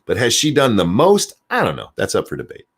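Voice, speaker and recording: A man's voice: on the low side, wildly swooping pitch, brisk, slightly rough. A man giving casual ranting commentary as host of his own show, sarcastic and swearing freely, often repeating words as he gets worked up. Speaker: commentary streamer.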